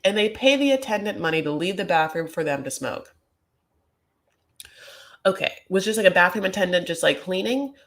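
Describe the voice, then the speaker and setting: A woman with a slightly low voice recaps a reality TV show in a loose, gossipy ramble, casually peppering her talk with "like" and "you know." She's expressive, keeps a moderate pace, pauses often, and sounds a bit bright.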